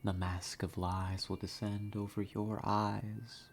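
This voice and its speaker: A man voicing an ominous unseen male figure in a breathy whisper, slow and drawn out, as whispered role-play. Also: fairly low pitch, little pitch movement, a little hiss or hum.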